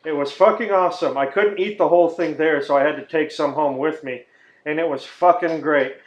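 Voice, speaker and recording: A man from Texas co-hosting a podcast in casual, profane chat, loud and quick to laugh, ranting in put-on voices. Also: fairly high pitch, dull audio. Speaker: podcast co-host. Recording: roomy echo.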